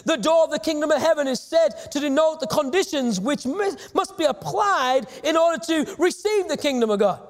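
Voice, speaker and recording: A middle-aged man preaching with a strikingly high voice. He drives his points home emphatically, rising to sudden shouts and slowing down to repeat key phrases. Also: big-room sound. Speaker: pastor. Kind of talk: sermon.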